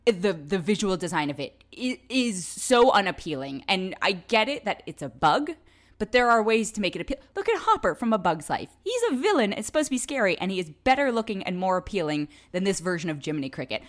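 A woman talks through a film review in a casual, candid way. Her pitch swings widely as she grows exasperated, with a mid-height voice. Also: big pitch swings, brisk, fairly bright tone.

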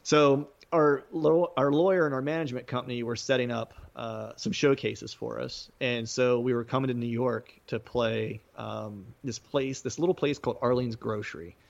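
A man with a gravelly, creaky voice rambles through a story from his band days, full of fillers and quick laughs. His pitch sits in the middle of the male range. The sound is dull and lo-fi. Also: fairly even intonation. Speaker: musician guest telling a story. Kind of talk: casual storytelling.

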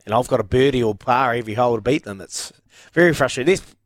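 A man's voice: medium pitch, fast, dry recording. A male radio host in casual studio chat, talking to listeners and telling golf stories with frequent restarts. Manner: chatty, frequent restarts, talks straight to listeners.

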